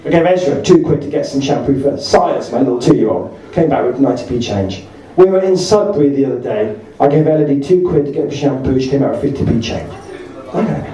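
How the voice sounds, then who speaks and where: A man's voice: medium pitch, lively intonation, fast talker, mellow, a little hiss or hum. A man, doing rambling stand-up anecdotes at a party. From Essex, England. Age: 40s. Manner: rambling, chatty, self-correcting. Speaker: stand-up comedian. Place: large hall. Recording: echoey hall, far from the mic, crowd.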